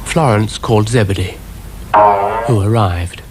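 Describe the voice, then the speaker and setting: A British man narrating a children's stop-motion story in a dry, gently wry manner. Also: on the low side, measured pace, over music.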